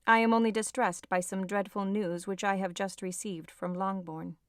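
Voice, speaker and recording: A woman's voice: mid-range voice, fairly even intonation, moderate pace, dry recording, close to an everyday voice. A woman reading an audiobook voices a distraught young woman, agitated and close to tears. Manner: agitated, tearful pleading.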